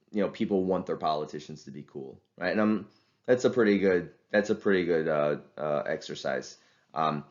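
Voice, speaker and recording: A deep-voiced man gives a relaxed, conversational lecture to his class. He talks through ideas with plenty of fillers and restarts. The recording sounds slightly dull.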